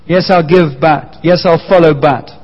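A man with a fairly high voice delivers a Sunday sermon, leaning on repeated phrases and drawn-out emphasis. His voice rings through a large church with a long reverb tail. The sound is slightly dull and muffled. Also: fairly even intonation, husky. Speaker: pastor. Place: church hall.

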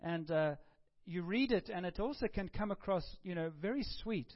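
A male preacher gives a sermon in a relaxed, conversational way, stumbling and repeating words as he goes. His voice sits a little high for a man. The recording is muffled and lo-fi. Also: moderate pace, hardly any pauses.

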